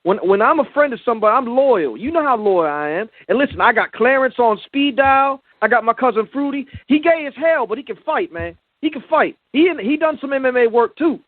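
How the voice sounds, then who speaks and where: A brash, boastful man with a very high voice talks tough in heavy slang. He is calling in over a tinny phone line, and the sound is dry and close with no room around it. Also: animated, brisk, hardly any pauses, dry recording. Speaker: caller.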